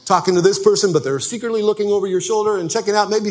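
A male pastor preaching in a casual, animated way, slipping into quick sketches of everyday people. His voice is husky and sits a little above the usual range for a man. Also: high-pitched. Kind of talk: sermon.

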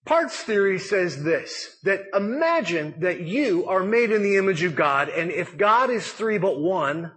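A middle-aged pastor speaks in a casual, conversational sermon, his voice sitting high for a man. There is a husky edge to his tone. He mixes self-deprecating asides into his teaching, with animated turns of phrase.

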